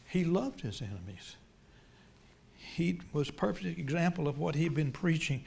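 A middle-aged male preacher delivering a sermon, swinging between loud emphatic lines and quiet, low ones. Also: lively intonation, normal speed, creaky.

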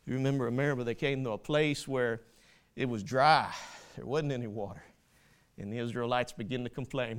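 A man's voice: medium pitch, fairly even intonation, normal speed. A man preaching a sermon, quoting scripture with rising fervor and making small slips and corrections as he goes.

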